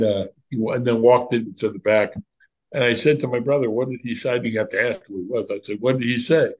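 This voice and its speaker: A man's voice: medium pitch, rough recording. Older man telling stories candidly. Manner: animated storyteller, candid and reflective. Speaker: former monk. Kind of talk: reminiscing conversation.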